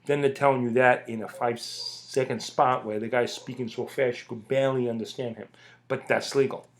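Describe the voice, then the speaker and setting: A man's voice: medium pitch, fairly even intonation, fairly quick. A middle-aged man in a casual ranting monologue, blunt and profane, hammering his points home by repeating them. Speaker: podcast host.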